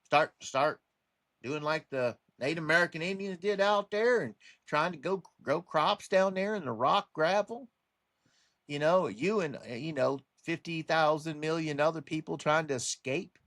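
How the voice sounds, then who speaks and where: A religious commentary vlogger, a man with a fairly bright voice on the high side, speaks at normal speed in a studio-quality recording with no room sound. His casual monologue for his online channel rambles, with many restarts and a warning tone.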